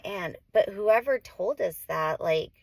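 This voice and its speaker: A woman's voice: medium pitch, expressive, takes it slowly, vocal fry, no room sound. A woman in her forties, a mother vlogging, talks to the camera in a heartfelt, rambling way, full of "like" and self-corrections and getting emotional. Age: 40s. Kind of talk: heartfelt casual talk to camera.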